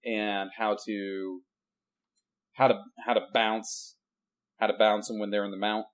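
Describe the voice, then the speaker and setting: A man with a fairly low voice talks on a casual podcast. He is laid-back, asks his co-host questions and explains techniques one step at a time. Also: flat delivery, a little slow. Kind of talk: casual chat.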